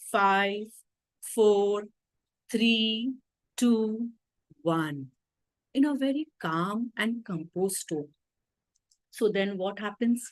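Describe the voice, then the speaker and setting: Calmly guiding a virtual teacher training, this woman keeps asking "okay?" to check in. Her voice is mid-range, and the recording quality is low.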